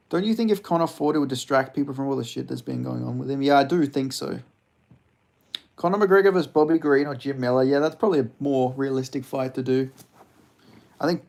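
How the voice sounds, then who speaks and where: Gravelly-voiced man streaming. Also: medium pitch, darkish tone. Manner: rambling, profane, reads chat aloud. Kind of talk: casual live-stream chat.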